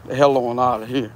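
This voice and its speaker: A man with a mid-range voice, captured with slight background noise, reads tarot and vlogs while walking a forest trail. His talk to viewers is laid-back, slangy and profane, punctuated by frequent laughter.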